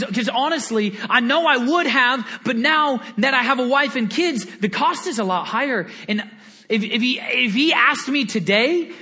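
Guy preaching a sermon, pretty high voice, earnest and animated, keeps repeating words. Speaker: pastor.

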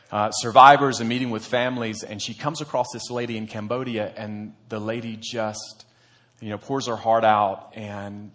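A man's voice: fairly low pitch, a bit bright. A man, a church pastor, preaching a sermon in an earnest, conversational storytelling manner.

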